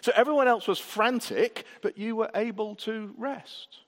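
Earnest preacher in an echoing hall. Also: male voice, sits high, measured pace. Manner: earnest, rhetorical questions and repetition. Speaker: pastor. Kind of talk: sermon. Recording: reverberant church hall.

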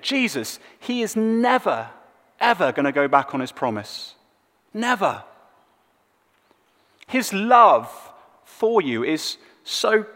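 A man preaching a sermon, swinging between loud emphatic lines and hushed low ones. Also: long reverb tail. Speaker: pastor.

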